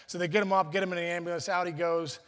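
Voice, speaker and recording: This Pittsburgh, USA guest speaker, a middle-aged man, delivers a storytelling luncheon speech in a reverberant, large banquet hall. His high-pitched voice races along with fairly even intonation, a bit bright, clear, and resonant. He often restarts sentences and acts out quoted voices.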